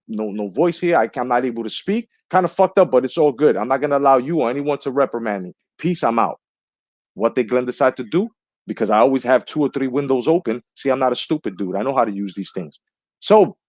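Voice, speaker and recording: A man's voice: medium pitch, darkish tone, dry recording. A man telling a story in a heated, indignant and profane way, as a commentator on a boxing channel. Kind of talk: casual ranting monologue.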